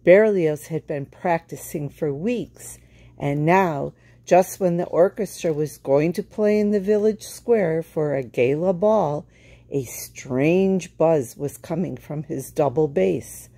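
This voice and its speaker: A woman reading a picture book aloud to children in an expressive storytelling manner. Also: low voice, takes it slowly, dry recording.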